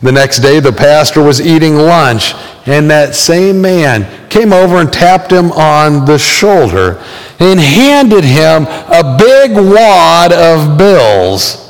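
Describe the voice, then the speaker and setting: Pastor, man, slightly high voice, relaxed storytelling sermon with fillers, long church reverb. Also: slow pace. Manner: conversational storytelling with frequent fillers, acting out quoted voices.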